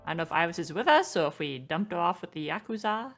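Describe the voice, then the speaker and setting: A woman casually commenting while she plays, lively and bouncy in pitch, cursing and laughing along. Faint game music runs underneath. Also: fast talker. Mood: musing. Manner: chatty, swears, laughs at the game. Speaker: VTuber streamer. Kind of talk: casual let's-play commentary.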